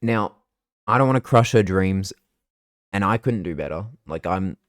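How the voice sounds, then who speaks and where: A man's voice: sits low, animated, normal speed, no room sound, clean studio sound. A young man, chatting casually and rambling through a vlog recap of his trip. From Australia. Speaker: vlogger.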